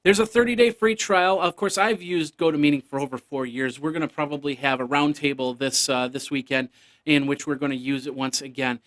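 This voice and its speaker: A man's voice: on the high side, steady tone, a little fast, a bit bright. A man hosting a casual solo tech news podcast, rambling and joking, now and then making beeping computer noises.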